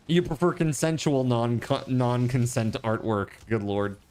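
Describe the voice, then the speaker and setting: Casual and excitable, a man with a medium-pitched voice comments on the survival game he's streaming. Expect free swearing, alarmed yelps, and sudden laughter, plus quick impressions of viewers as he retells their chats.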